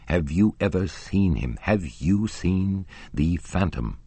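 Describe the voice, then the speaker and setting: A man's voice: sits low, lively intonation, takes it slowly, slightly rough, heavily acted. A man voicing an irritable, domineering male opera manager who barks angry questions. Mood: furious. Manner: barking, angry and forceful.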